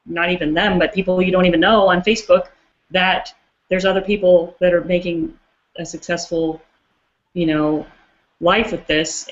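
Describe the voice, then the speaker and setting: A woman co-hosting a casual chat, talking in an excitable, rambling way. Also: on the low side. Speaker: co-host. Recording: muffled lo-fi audio.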